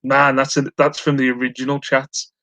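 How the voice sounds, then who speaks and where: A man's voice: medium pitch, little pitch movement, moderate pace, creaky, bright, forceful tone, dry recording, rough recording. Rambling man hosting a live stream. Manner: rambling, self-mocking, fillers and restarts. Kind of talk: casual chat while reading live chat.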